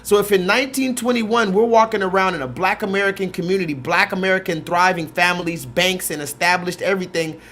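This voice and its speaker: A man hosting a casual livestream, ranting with quick asides. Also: high-pitched, slight background noise. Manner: animated, rant-like, quick asides; mocking put-on voices when quoting films. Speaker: host.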